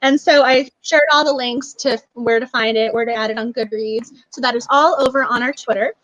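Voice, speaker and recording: A woman's voice: fairly high pitch, steady tone, fairly quick, fairly bright tone, muffled recording, a little hiss or hum. A young woman hosting a book club live stream, chatting casually and gushing, with many laughs and fillers.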